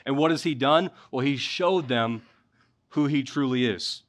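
A man's voice: medium pitch, a little slow, a bit bright. Man preaching a passionate sermon. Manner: expository preaching, rising in intensity at key points. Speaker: pastor.

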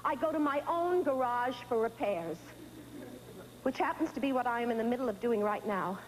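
Frazzled middle-aged mom, high-voiced and frantic, stammers and scolds an unseen teen, played by a stage actress. Theatrical monologue delivery. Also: female voice, lively intonation, normal speed, slight background noise, lightly acted, rough recording. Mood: exasperated. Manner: frantic, stammering, exasperated, talking to an unseen child. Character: frazzled middle-aged mother of a teenage daughter. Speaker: stage actress in a one-woman show.

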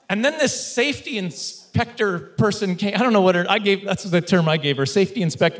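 A man performing a stand-up comedy routine, telling a story with lively mock voices for the people in it. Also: sits high, quick pace, slight background noise. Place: stage before a live studio audience.

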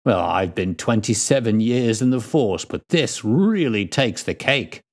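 A man voicing a veteran police inspector who speaks in a slow, incredulous drawl. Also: lowish voice, lively intonation.

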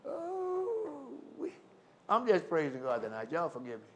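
An older man preaching a live sermon, fervent and swinging from loud exclamations to low murmurs. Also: huge pitch swings, measured pace. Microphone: live stream.

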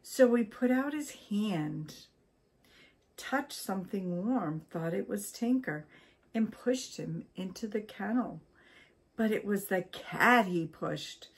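An older woman from Maine reads a children's storybook aloud in a gentle way, taking her time. Her voice sits low and sounds husky. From Maine, USA. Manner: gentle, unhurried reading.

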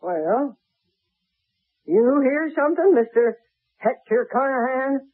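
A woman's voice: high-pitched, expressive, slow, husky, heavily acted. An actress playing a blunt, suspicious middle-aged landlady in a 1970s radio drama, scolding in a working-class way. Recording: tinny old radio broadcast.

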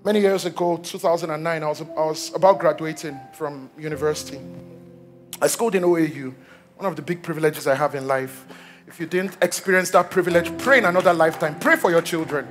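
A young Nigerian pastor tells a story during a sermon, joking with the congregation along the way in an animated style. His voice is a little high and a little fast, with faint music in the background.

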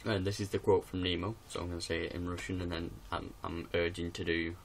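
A man's voice: sits low, flat delivery, fast, creaky, slight background noise. A man vlogging in his bedroom in casual, rambling chat to camera, giggling often. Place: bedroom with music posters on the wall.

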